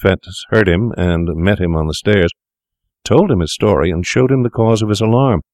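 Deep male narrator, measured storytelling, dry close sound. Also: darkish tone, no room sound. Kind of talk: scripted audiobook narration.

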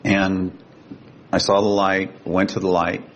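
An older man from California, a guest telling a personal story in an earnest, emotional way and slowing down for quoted speech. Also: little pitch movement. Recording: dull lo-fi sound with faint rumble.

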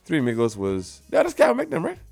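A man with a Bahamian accent hosting a casual podcast, talking in animated, rambling bursts full of restarts and shout-outs. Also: mid-range voice, fast talker, vocal fry, no room sound, soft background music. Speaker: podcast host.

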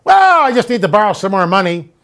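Man, high voice, show host, emphatic, indignant, storytelling. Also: very animated, fast, a bit bright. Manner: emphatic, indignant ranting with repeated questions. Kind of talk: monologue to viewers.

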